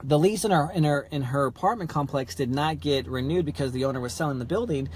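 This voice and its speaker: A man's voice: on the high side, quick pace, a little hiss or hum. A young adult man hosting a podcast, telling a story in a casual way, acting out the dialogue with lots of fillers. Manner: animated, acts out quoted dialogue, many fillers. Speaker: podcast host.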